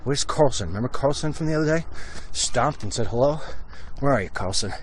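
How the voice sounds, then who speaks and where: A man's voice: medium pitch, lively intonation, a little fast, a little hiss or hum. A middle-aged man hosting a walk-and-talk show, ranting bluntly about politics while walking down a street and talking into a phone. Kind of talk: opinionated live-stream monologue while walking. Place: outdoors on a residential street.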